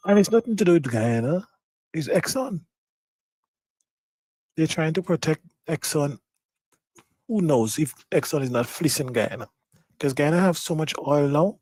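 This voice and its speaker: A man's voice: fairly high pitch, animated, unhurried, pauses often, a little mellow, no room sound, poor audio. A man on a live news talk show, firing off rhetorical questions and strong opinions.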